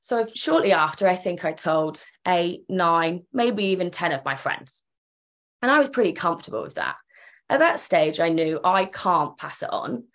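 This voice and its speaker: A woman's voice: lowish voice, very animated, normal speed, a bit bright. A young woman tells her own story earnestly and emotionally, acting out the remembered dialogue. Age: young adult. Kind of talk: personal storytelling.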